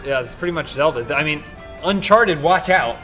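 Male gaming host, sarcastic and deadpan, animated, slightly high voice, game music behind. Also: normal speed. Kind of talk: casual let's-play commentary.

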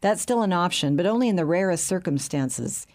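A woman narrating a smooth, assured bank chief who runs a secret meeting in a calm, soothing way. Her voice sits a little low and stays easy and steady. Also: brisk. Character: smooth scheming middle-aged male bank chief.

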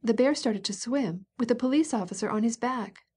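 A woman's voice: a little high, normal speed, darkish tone, slightly rough, voice pushed up. A woman reader voicing a gossiping society lady who talks in scandalized, sarcastic exclamations. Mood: shocked gossip. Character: gossiping indignant society lady, middle-aged.

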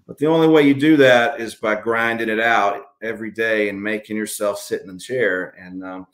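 An author from Alabama with a Southern accent answers interview questions over a video call. His lowish, slightly bright voice moves at a normal speed with fairly even intonation, and his answers ramble, full of fillers and restarts.

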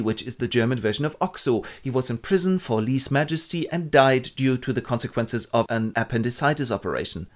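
A man hosting a comic retelling of a classic play, with wry deadpan asides. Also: medium pitch, fairly quick, few pauses. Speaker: host.

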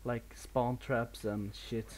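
A man's voice: medium pitch, flat delivery, slow, a little mellow, a little hiss or hum. A man from Sweden with a Swedish accent, giving casual live commentary over a video game while he plays, a bit nervous, swearing and laughing at himself. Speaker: gameplay commentator.

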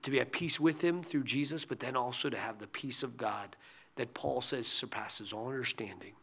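Pastor guy doing a quick devotional, gravelly voice, bright edge, earnest and goes almost whispery on the big lines. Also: medium pitch. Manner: earnest, drops to a hushed near-whisper on key phrases. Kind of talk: short devotional sermon.

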